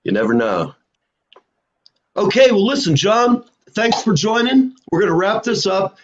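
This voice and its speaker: A man's voice: sits high, very animated, measured pace. A man hosting a casual live show, telling rambling stories with lots of fillers. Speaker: host. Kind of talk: casual storytelling chat. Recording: lo-fi dull sound.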